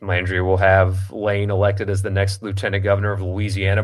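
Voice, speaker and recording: A man's voice: sits low, completely flat delivery, a little fast. A man hosting a sports talk show, reading listener comments aloud and answering them bluntly, with a lot of ums and restarts. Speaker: sports radio host.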